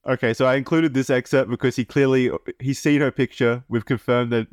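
A man co-hosting a podcast in casual chat, wry and blunt, sometimes reading messages aloud in a higher voice. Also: fairly even intonation, a little fast, no echo, studio quality. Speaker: podcast co-host.

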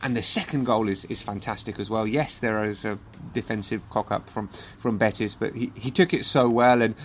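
A man's voice: lowish voice, a little hiss or hum. A man co-hosting a football podcast, chatting casually and running through results and fixtures. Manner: chatty, lively, runs through results in quick rundowns. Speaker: podcast co-host.

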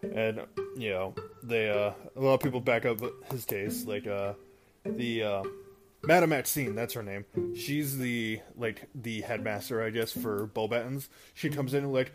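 A man's voice: medium pitch, measured pace. Rambling man recapping a movie. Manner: rambling, many fillers and restarts, laughs at own stumbles. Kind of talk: casual retelling. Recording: guitar music in background.

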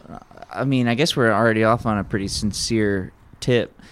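A man's voice: lowish voice, moderate pace, smooth. A man who co-hosts a podcast and does comedy, talking loosely and casually with some swearing.

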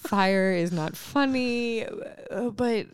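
A woman's voice: medium pitch, clean tone, dry recording, clean studio sound. A young woman co-hosting a podcast, chatting casually about odd news with jokes and laughs. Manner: laughing, joking, quick asides. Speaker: podcast co-host.

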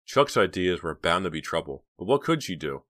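A man narrating a teen horror novel as an audiobook reading, measured in his storytelling. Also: deep voice, big pitch swings, a bit bright.

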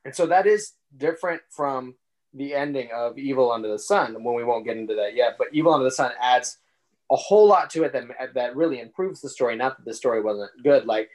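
Steady man comparing book and film. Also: mid-range voice, a little fast. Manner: steady, explains plot points and compares the book with the adaptations. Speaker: podcast co-host. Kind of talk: casual chat about books and films.

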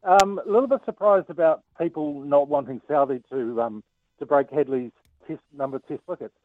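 A man's voice: on the high side, brisk, dry recording. A man calling a sports radio show, reading out a list of names. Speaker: caller. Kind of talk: talkback call. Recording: dry tinny phone line.

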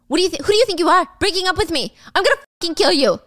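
A woman voicing a controlling, hot-tempered man who flips from wheedling to shouting threats, in a dry close recording. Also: on the high side, very animated, fairly quick, no echo. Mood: furious.

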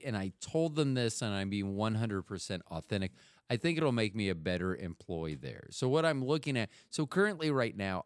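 A man's voice: medium pitch, smooth, dry recording, clean studio sound. A man hosting a podcast, talking casually in a rambling, chatty way that keeps interrupting itself. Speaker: podcast host.

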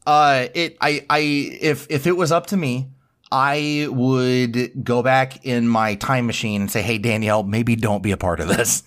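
A man in loose, casual podcast chat. He rambles and restarts, laughs easily, and slips into little acted-out voices as he retells scenes. His voice sits at a middle pitch. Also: steady tone, a little slow, a bit bright. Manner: rambling, laughs often, acts out quotes. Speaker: podcast host. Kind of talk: casual chat recapping a reality show.

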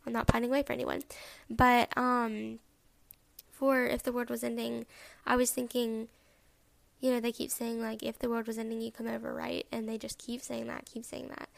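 A young woman hosting a podcast, talking reflectively and haltingly with many ums, open about her feelings. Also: on the high side, level tone, vocal fry. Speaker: podcast host. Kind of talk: personal reflective podcast talk.

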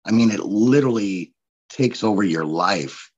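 Forties male podcast guest from Missouri, easygoing storyteller, lower register, muffled lo-fi recording. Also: lively intonation, normal speed. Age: 40s. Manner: chatty storyteller, laughs often. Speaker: guest, coach and speaker. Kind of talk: casual podcast interview.

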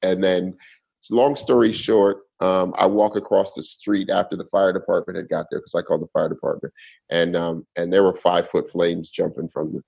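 A man's voice: sits low, flat delivery, normal speed, gravelly, darkish tone, husky, low-quality recording. A male comedian guest telling a long story in a laid-back way, acting out the other people in it. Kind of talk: casual storytelling on a podcast.

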